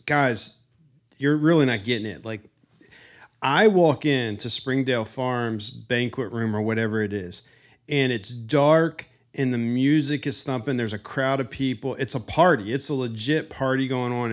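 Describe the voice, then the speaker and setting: Animated male podcast host telling stories. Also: mid-range voice, normal speed. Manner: animated, acts out scenes with funny imitations. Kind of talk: casual storytelling chat.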